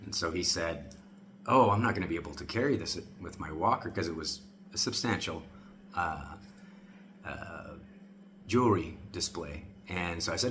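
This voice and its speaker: Deep-voiced man telling a personal story. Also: a little slow, a little hiss or hum. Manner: earnest, quotes others in lively voices. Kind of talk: personal anecdote.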